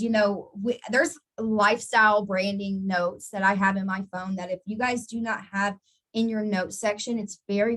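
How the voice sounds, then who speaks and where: A woman's voice: medium pitch, a bit bright. Chatty woman coaching her team live. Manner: chatty, repeats words and restarts often; encouraging, answers viewers by name. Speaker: network marketing team trainer. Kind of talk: casual live training talk.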